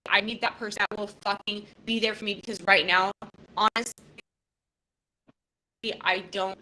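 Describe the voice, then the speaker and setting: Podcast host, woman in her fifties, bright and tense, blunt and swearing, emotional. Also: medium pitch, a little hiss or hum, low-quality recording. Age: 50s. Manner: raw, emotional and profane, with many restarts. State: close to tears. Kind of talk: casual live podcast talk.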